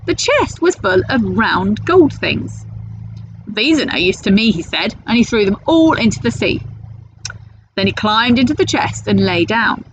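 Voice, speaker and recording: A woman teacher reading a picture book aloud to children, with expressive storytelling. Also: medium pitch, a little slow, muffled recording, a little hiss or hum.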